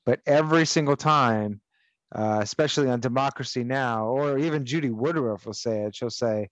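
A man's voice: medium pitch, normal speed, no echo, muffled recording. A man co-hosting a podcast, chatting casually, rambling and swearing, with strong opinions. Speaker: podcast co-host.

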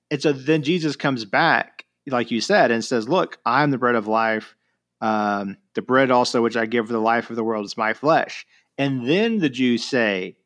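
A man with a mid-range voice talks through a Bible passage in relaxed conversation. He slips into quick voiced quotes of the people in the story and fills gaps with "like" and "you know". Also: mid-range voice. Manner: conversational, quotes scripture with voiced asides, many fillers. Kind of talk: casual Bible discussion.

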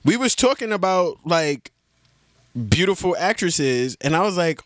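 A young man co-hosting a podcast, chatting casually and dropping in quick reactions. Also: high-pitched, animated, dry recording, studio quality. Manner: quick interjections, laid-back commentary. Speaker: podcast co-host. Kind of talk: casual chat.

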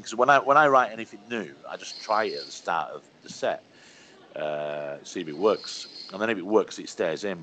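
A very deep-voiced man, chatting as a comedian guest. He spins loose, rambling stories, swears often and breaks into laughs between lines. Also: a bit bright, a little hiss or hum. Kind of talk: casual conversational storytelling.

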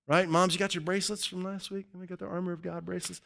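A man preaching a sermon to his congregation in an energetic, joking way that keeps calling out to the crowd. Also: high voice, fast talker, gravelly. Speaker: pastor.

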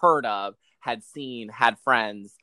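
A man in casual podcast chat, speaking in a relaxed way with lots of fillers and finishing his co-host's thoughts. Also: medium pitch, takes it slowly, dry recording. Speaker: podcast co-host.

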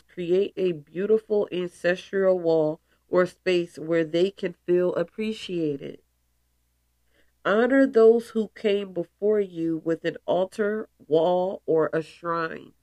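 A woman with a lowish, darkish voice hosts a spiritual podcast, sounding stuffy and congested, with no echo. She talks casually and emphatically, tossing in playful asides and calling her listeners goddesses.

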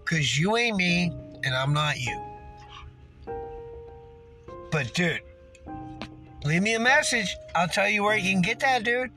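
A man with a Missouri accent, a bit drunk, hosts his podcast in a high, excitable voice, swearing his way through a rambling story. Music plays clearly behind him. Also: moderate pace, rough recording. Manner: profane, excitable, slurring a little. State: tipsy. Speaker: podcast host.

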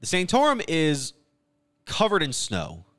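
A man co-hosting a casual podcast, retelling a film plot in an animated way with quick quoted lines. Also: on the high side. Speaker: podcast co-host. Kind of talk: casual movie recap chat.

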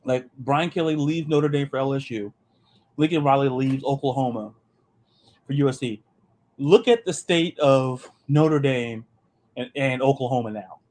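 A man hosting a sports podcast, talking in an animated, joking way and often repeating his words. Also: medium pitch, normal speed. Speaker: podcast host. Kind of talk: casual sports chat.

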